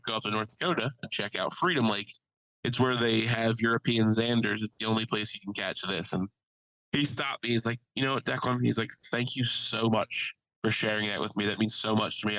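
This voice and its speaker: Podcast co-host, man, bright forceful voice, dry close sound, swearing storyteller. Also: lowish voice, no room sound, poor audio. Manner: animated anecdote-telling, swears freely, quotes others. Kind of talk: casual storytelling chat.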